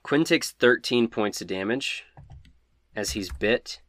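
A man narrating a tabletop game as game master, relaxed and laughing at his bad dice rolls. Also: fairly low pitch, slow pace, slight background noise.

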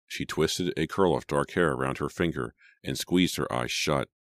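A man narrating an audiobook in a measured, suspenseful way. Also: very deep voice, a bit bright, dry recording, clean studio sound. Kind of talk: scripted narration.

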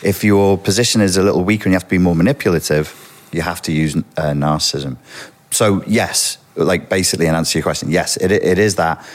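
A man's voice: low voice, brisk. A middle-aged man, an expert guest in an interview, explaining earnestly and speaking straight to the viewers.

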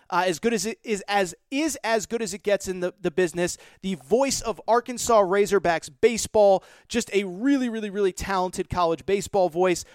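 High, smooth-voiced man hyping a sponsor. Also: dry recording, clean studio sound. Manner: hyped, joking salesman patter. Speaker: podcast host. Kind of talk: host-read sponsor ad.

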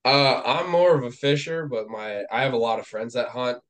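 A late-teen young man from the Dakotas chats as a podcast guest. He speaks in a relaxed, halting way, restarting phrases and leaning on fillers, at a middling pitch. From the Dakotas, US Upper Midwest. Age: late teens. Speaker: podcast guest, baseball recruit. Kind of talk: casual interview chat.

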